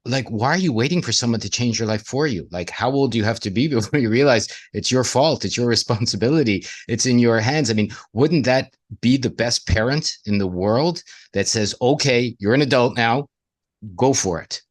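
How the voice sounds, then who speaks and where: A man's voice: mid-range voice, a little fast, few pauses. A man co-hosting a podcast, talking casually in an emphatic, repetitive way with blunt, casual swearing. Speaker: podcast co-host. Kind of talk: casual conversational talk.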